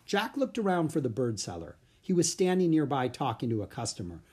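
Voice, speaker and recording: An expressive storybook narrator whose voice is slightly husky and whose pitch moves about with lively variety. The reading is clear and steady. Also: brisk.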